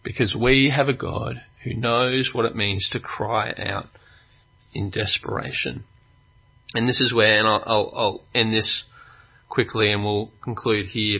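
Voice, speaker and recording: A man preaching a sermon, earnest, with long pauses, building to fervent emphasis. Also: on the low side, dull audio.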